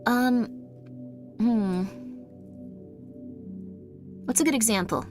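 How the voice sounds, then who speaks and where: A woman streamer chats loosely with her viewers, her voice sitting a bit high. She rambles and fills gaps with "like" and "um", faint music playing underneath. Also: drawn-out words, darkish tone. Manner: rambling, many "like" fillers. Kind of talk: casual chat with viewers.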